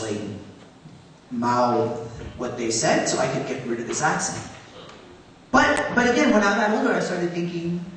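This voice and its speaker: A man speaking onstage at a public event, earnest and animated, his voice rising on questions. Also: medium pitch, slight background noise. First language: Tagalog. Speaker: guest speaker. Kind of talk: onstage conversation. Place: high school auditorium. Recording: echoey hall from far off.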